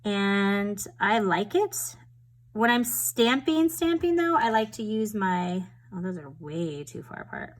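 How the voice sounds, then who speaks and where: A woman's voice: medium pitch, slow pace, low-quality recording. A woman talks through a paper craft project at her home table in a loose, rambling way, poking fun at herself as she goes. Her voice sits in an ordinary middle register for a woman. She sounds casual and unscripted, like she is showing a friend. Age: adult with a school-age daughter. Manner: chatty, rambling, self-deprecating. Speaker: papercraft tutorial host.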